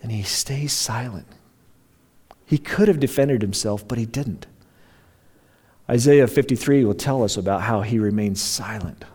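A man's voice: mid-range voice, measured pace, long pauses, darkish tone, slightly rough. A man preaching a sermon, telling the story dramatically and briefly voicing the mocking crowd and the criminals. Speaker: pastor.

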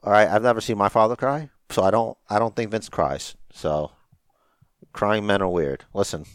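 A man's voice: lowish voice, moderate pace, smooth, no echo, studio quality. A man co-hosting a podcast who talks in a blunt, joking way and swears casually. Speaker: podcast co-host. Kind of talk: casual chat.

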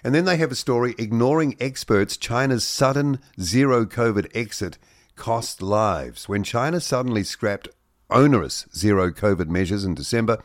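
A man's voice: medium pitch, normal speed, no echo, clean studio sound. A man hosting breakfast radio, reading news headlines with wry jokes and asides. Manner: reads headlines with joking asides and mock voices. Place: radio studio.

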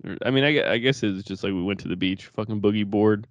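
A man's voice: lowish voice, fast talker, no room sound, highs cut off. A young man co-hosting a podcast, rambling through profane family stories and laughing as he talks. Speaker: podcast co-host. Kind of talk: casual chat.

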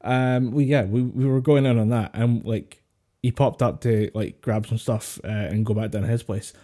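A man's voice: medium pitch, steady tone, normal speed, dark tone. Laughing, swearing podcast guy. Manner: rambling, laughs often, swears casually. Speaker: podcast co-host. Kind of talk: casual chat over voice call. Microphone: voice call headset or desk mic.

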